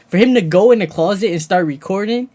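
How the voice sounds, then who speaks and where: A man's voice: sits high, fast talker, dark tone. A man streaming, giving casual reaction commentary in a slangy way, saying "bro" a lot and thinking aloud.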